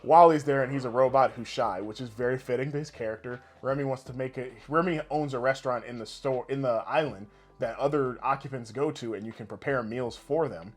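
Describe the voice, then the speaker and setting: Barely pausing, a young man speaks fairly quickly in a mid-range voice as he co-hosts a relaxed gaming podcast. His storytelling is lively, packed with swearing and hearty laughter.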